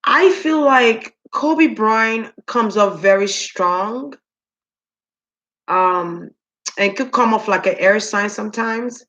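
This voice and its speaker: Slow, hesitant woman doing a psychic reading. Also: mid-range voice, a bit bright, muffled recording. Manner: hesitant, musing, many ums and repeated words. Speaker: spiritual reader.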